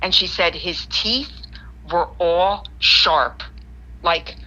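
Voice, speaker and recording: A woman tells a story with animated asides, voicing her friend's words as she goes. Her voice is low-pitched yet bright. It comes through a dull, lo-fi line. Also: extremely slow. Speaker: guest caller. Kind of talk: telling a paranormal story.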